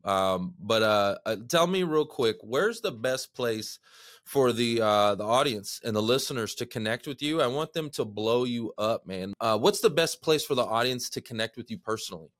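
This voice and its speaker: A man's voice: medium pitch, lively intonation, normal speed, a bit bright, no room sound, studio quality. A man hosting a podcast, chatting casually and telling stories with lots of "man" and "dude" fillers. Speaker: podcast host. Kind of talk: animated casual interview chat.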